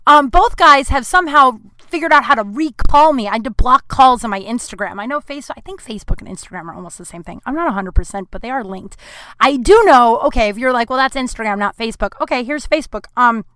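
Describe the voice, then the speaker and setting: A woman's voice: fairly high pitch, expressive, quick pace, a bit bright, dry recording. Rambling, frank podcast host woman. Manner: rambling, frank, with lots of fillers and swearing. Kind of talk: casual solo podcast storytelling.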